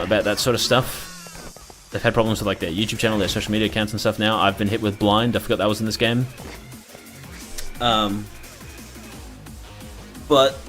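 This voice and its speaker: A man's voice: on the low side, a bit bright. A young man chatting loosely as a gaming streamer, rambling and swearing freely. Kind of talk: casual live-stream commentary.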